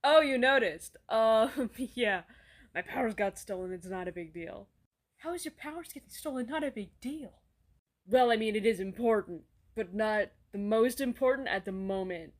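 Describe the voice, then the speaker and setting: A woman performing a comedy sketch, voicing several characters in sarcastic, deadpan banter with casual swearing. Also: fairly high pitch, moderate pace.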